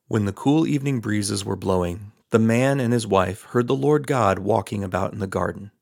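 A man reading scripture aloud in a steady, measured way, lightly voicing the quoted speech. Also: lowish voice, creaky, dry recording, clean studio sound. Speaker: Bible reader.

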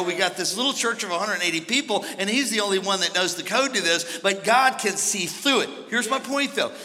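A man preaching a sermon as pastor, moving between hushed storytelling and shouted exhortation. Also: high voice, big-room sound. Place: large church.

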